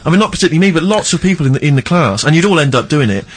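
Man co-host, quick, husky, rambling anecdotes. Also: a little high, animated. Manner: rambling, many restarts. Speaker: podcast co-host. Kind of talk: casual chat.

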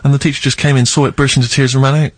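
Man co-host, quick, husky, rambling anecdotes. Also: medium pitch, flat delivery. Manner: rambling, many restarts. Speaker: podcast co-host. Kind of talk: casual chat.

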